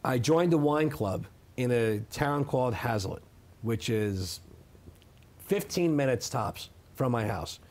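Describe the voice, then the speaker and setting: A man's voice: mid-range voice, animated, slow pace, darkish tone. A middle-aged man giving a sit-down interview, telling his side of a story emphatically and often adding "okay?" to drive points home. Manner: emphatic, repeats "okay?" for effect. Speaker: interview guest.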